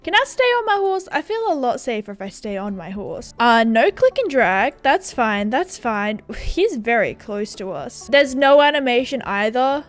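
A woman's voice: on the high side, very animated, a little slow, few pauses, soft background music. Chatty young Australian woman gamer. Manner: chatty, self-deprecating, many fillers. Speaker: gaming YouTuber. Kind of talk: casual gaming vlog chat. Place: home room with windows.

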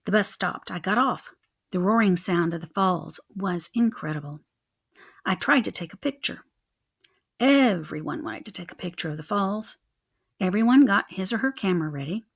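Young woman reading a kids chapter book out loud, expressive, medium pitch. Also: creaky, slightly rough. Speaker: reader.

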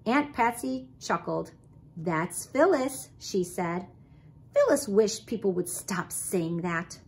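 Woman teacher reading a picture book aloud; slow, breathy, expressive. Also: mid-range voice. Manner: expressive storytelling. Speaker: preschool teacher.

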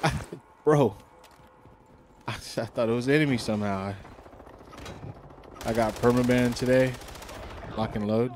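A man's voice: medium pitch, fairly even intonation, measured pace, pauses often, a little hiss or hum. Laid-back cursing young male streamer. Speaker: game streamer. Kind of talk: casual live-stream commentary.

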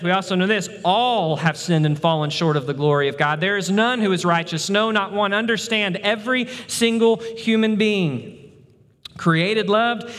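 A man's voice: high voice, a bit bright. Male pastor, sermon delivery, emphatic repetition; long hall reverb. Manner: emphatic preaching, repeats words for stress. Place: church sanctuary.

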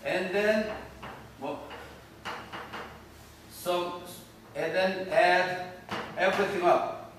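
A male university professor gives a classroom lecture, speaking in short halting phrases and often checking in with "okay?". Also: high voice, noisy background. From South Korea. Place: lecture room. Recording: echoey room from far off.

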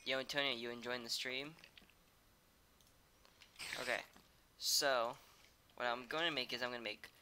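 A man's voice: medium pitch, fairly even intonation, a little slow, long pauses, sharp tone, slight background noise. A young man casually streaming a video game, grumbling, swearing and snapping in irritation. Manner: irritable, swearing, sudden angry outbursts. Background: keyboard typing and mouse clicks.

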